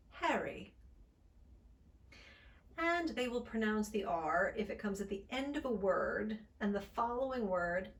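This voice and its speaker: A woman teaches an accent lesson as a speech coach, upbeat and encouraging. Her articulation is crisp and deliberate, and her voice sits at an ordinary middle pitch for a woman. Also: distant mic.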